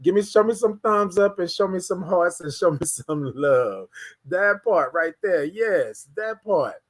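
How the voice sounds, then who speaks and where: A man from Houston hosting a casual morning livestream, greeting viewers and hyping up the chat. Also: sits high. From Houston, Texas. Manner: energetic, hypes the chat, drawn-out sung greetings. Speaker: livestream morning show host.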